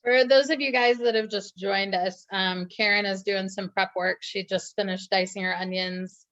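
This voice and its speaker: A woman's voice: medium pitch, fairly even intonation, moderate pace, a bit bright. Friendly woman host on a dull call line. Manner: friendly, explains things for viewers who just joined. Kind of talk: hosting a live online cooking social.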